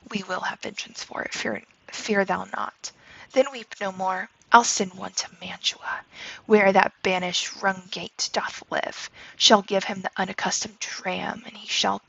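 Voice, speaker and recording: A stern noble mother speaks in commanding verse, read aloud by a woman. Her voice is bright and gravelly. The recording is dry, with a slightly dull sound. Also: mid-range voice, fairly even intonation, unhurried, exaggerated voice. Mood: vengeful.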